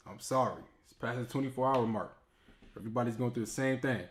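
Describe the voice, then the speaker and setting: A man's voice: medium pitch, fast, natural voice. A man playing a polite customer service agent who answers an angry caller in a scripted tone. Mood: calm. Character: calm male airline phone agent. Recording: noisy recording with clicks.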